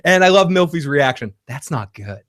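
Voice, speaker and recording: Casual podcast co-host, man, slightly high voice, laughs a lot, dry close recording. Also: animated, moderate pace, fairly bright tone, dry recording. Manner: laughs often, quotes scenes in bits of acted dialogue. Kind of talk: casual recap chat.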